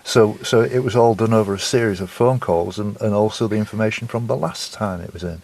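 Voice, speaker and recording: A man's voice: on the low side, a little fast, gravelly, darkish tone. A man vlogging a walk and chatting casually, repeating words and restarting his sentences as he goes. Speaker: walking vlogger. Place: outdoors on a walk.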